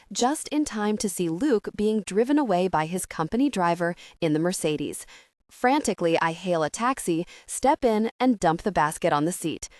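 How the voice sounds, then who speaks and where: A woman narrating a first-person comedy audiobook in an expressive, anxious way. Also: medium pitch, no echo, studio quality.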